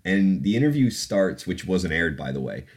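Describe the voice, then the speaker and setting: A man's voice: low-pitched, very animated, normal speed. A man hosting a casual opinion podcast, talking in a loose rambling way, laughing now and then and swearing freely. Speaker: podcast host.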